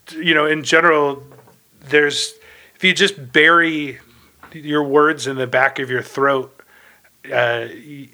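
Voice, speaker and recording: A man's voice: mid-range voice, sharp tone. A man in casual podcast chat, telling a rambling story full of fillers and restarts.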